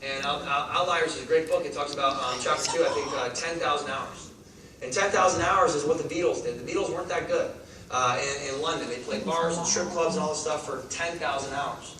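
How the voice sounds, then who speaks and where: Fired-up guy pumping up a crowd, kinda high voice, far off mic in a super echoey hall w/ noise. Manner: energetic, rapid-fire, asks the crowd questions. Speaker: network marketing speaker. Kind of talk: motivational talk to a live audience. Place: large meeting hall.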